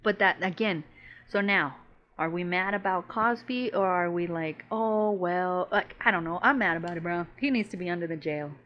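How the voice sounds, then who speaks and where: A woman's voice: fairly low pitch, fairly quick, muffled recording. Blunt, slangy woman podcast host. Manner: blunt, swears freely, says bro often. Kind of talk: casual chat.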